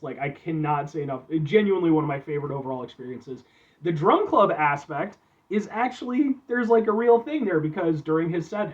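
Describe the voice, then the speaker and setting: A man from Illinois reviewing frozen food from a chair in his back room, talking to his viewers in an excitable, chatty way. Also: on the high side, dull audio. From Illinois, USA. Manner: excitable, chatty, keeps addressing viewers as folks. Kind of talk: casual food review vlog. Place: back room at home, seated.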